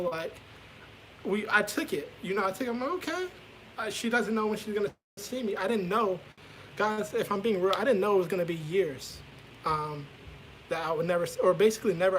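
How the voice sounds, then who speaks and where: A man's voice: on the high side, a little hiss or hum, low-quality recording. Young man telling a candid story. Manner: candid, rambling, swears freely. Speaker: vlogger. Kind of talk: casual storytime vlog. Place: his bedroom at home.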